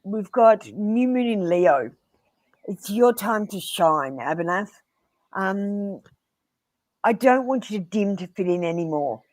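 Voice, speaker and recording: A woman with an Australian accent giving blunt, earnest tarot readings on a live stream, pausing often with ums. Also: medium pitch, animated, darkish tone, no echo. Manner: blunt and earnest, addressing viewers by name; frequent ums and pauses. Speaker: tarot reader.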